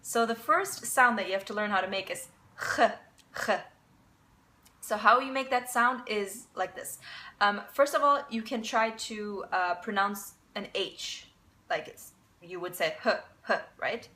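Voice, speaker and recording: A woman teaching a casual language lesson, explaining step by step, repeating example words slowly and often checking in with "okay?". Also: mid-range voice, bright, forceful tone, poor audio.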